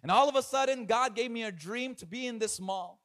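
A male pastor delivers a sermon in a high, bright-sounding voice. He tells his story with animated, acted-out quotes, often repeating his words as he builds momentum. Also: fairly quick.

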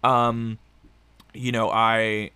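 Bright-voiced rambling man co-host. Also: lowish voice, flat delivery, drawn-out words, smooth, dry recording. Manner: rambling, laughing, swears freely. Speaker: podcast co-host. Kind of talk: casual chat.

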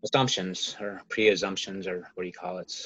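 A man's voice: low-pitched, normal speed, fairly bright tone, low-quality recording. A man co-hosting a casual podcast, rambling and padding his talk with "you know.". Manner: rambling, heavy "you know" filler, laughs often. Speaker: podcast co-host.

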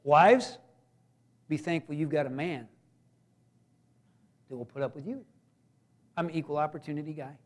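A man, a pastor, preaching a sermon in a folksy way with joking asides, swinging between emphatic raised lines and hushed quiet ones. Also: fairly high pitch, moderate pace, long pauses.

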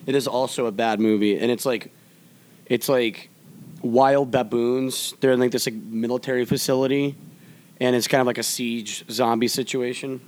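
Excitable man saying dude a lot. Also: medium pitch, normal speed. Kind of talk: casual chat.

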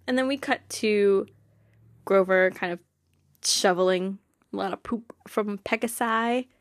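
A woman's voice: mid-range voice, measured pace, no echo. Young woman, podcast host, casual chat, giggly, bubbly, filler-heavy, dry close sound.

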